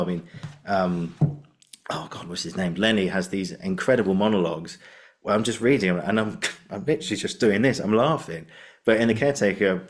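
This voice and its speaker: A male podcast host chatting casually, excitable, laughing often and jumping between thoughts. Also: low-pitched. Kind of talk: casual conversation.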